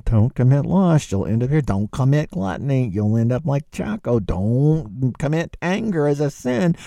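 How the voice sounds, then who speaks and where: A man lecturing on literature, animated, asking rhetorical questions and repeating phrases for emphasis. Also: medium pitch, no room sound, clean studio sound.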